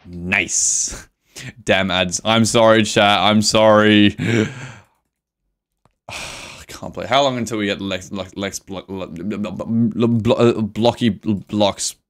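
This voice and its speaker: A man's voice: fairly low pitch, fairly even intonation, takes it slowly, a bit bright. A young man live streaming a video game, talking to his chat with melodramatic mock grief, swearing and laughing. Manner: reads chat aloud and answers it.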